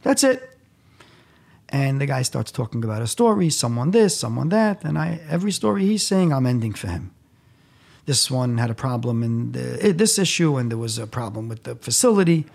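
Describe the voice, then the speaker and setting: A man who is a podcast guest, telling stories in an animated way with lively quoted dialogue. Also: medium pitch, fairly quick, vocal fry. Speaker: podcast guest, nonprofit founder. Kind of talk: animated storytelling in conversation.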